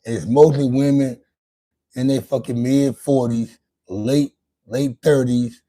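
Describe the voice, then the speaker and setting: A man's voice: medium pitch, fairly even intonation, unhurried, dark tone. A man hosting his own livestream, talking loosely and profanely to his chat, rambling with lots of restarts. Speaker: livestream host. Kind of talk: casual livestream monologue.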